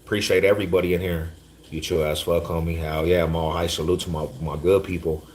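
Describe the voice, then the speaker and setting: A man with a very deep, low voice chats loosely with his livestream audience. His talk is slangy, laid-back and full of repeats. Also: little pitch movement, quick pace, a little mellow, a little hiss or hum. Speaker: livestream host. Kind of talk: casual livestream chat, reading chat.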